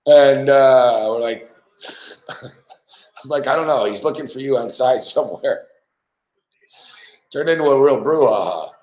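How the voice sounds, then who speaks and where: A man's voice: medium pitch, unhurried, pauses often, darkish tone. Profane, rambling man in a roomy space. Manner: profane, rambling, laughs a lot. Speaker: sports talk show host. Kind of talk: casual storytelling chat.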